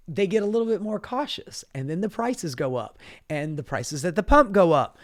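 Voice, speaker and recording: A political commentator rants with sass and plenty of swearing. The delivery is animated and comedic, full of asides like "baby" and "honey." The voice has a middle pitch. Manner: sassy, profane, animated. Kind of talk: profane comedic political rant.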